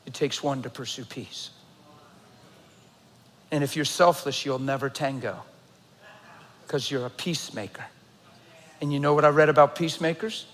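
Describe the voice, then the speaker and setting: A man preaching a sermon as a pastor, telling a story with loud excited bursts and hushed earnest stretches. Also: mid-range voice, normal speed, pauses often. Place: large church hall. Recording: reverberant church hall.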